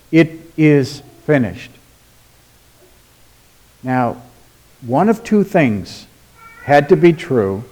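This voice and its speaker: Pastor, male, light higher pitch; deliberate, emphatic sermon delivery with hushed drops. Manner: deliberate, emphatic, rhetorical questions, drops to quiet.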